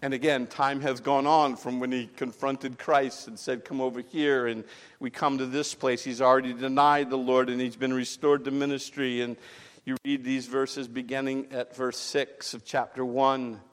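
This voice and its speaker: A man preaching a sermon as pastor, rising to loud emphatic peaks and dropping to hushed lines. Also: medium pitch, flat delivery, moderate pace, in a large hall. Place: church sanctuary.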